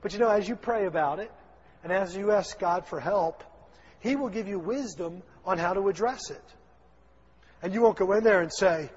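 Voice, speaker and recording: Southern male pastor, husky tenor, folksy sermon, lo-fi recording in a reverberant sanctuary. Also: sits high, moderate pace. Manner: folksy, acts out little dialogues, chuckles. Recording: dull, lo-fi sound in a long-echo hall.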